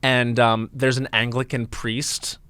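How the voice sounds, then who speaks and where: A man co-hosting a podcast in playful, animated casual chat. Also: mid-range voice, slow pace, clean tone, no echo. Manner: playful, animated, bursts into mock quotes. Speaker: podcast co-host.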